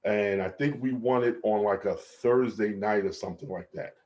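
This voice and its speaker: A man's voice: fairly low pitch, moderate pace, darkish tone, dull audio. A man, a former college basketball player, telling stories on a podcast video call, laughing often and acting out his coaches. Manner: laughs often, acts out coaches' voices with energy. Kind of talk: casual storytelling on a video call.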